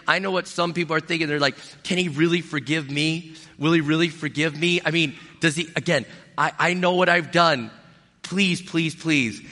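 Earnest pastor preaching in a reverberant hall. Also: male voice, a little high, sharp tone. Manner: earnest, pleading, repeats key phrases. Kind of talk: sermon.

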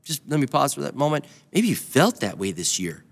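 A man's voice: medium pitch, big pitch swings, brisk, creaky. A male pastor preaching a sermon in a nearly empty building, earnestly urging his listeners to act. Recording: long hall reverb.

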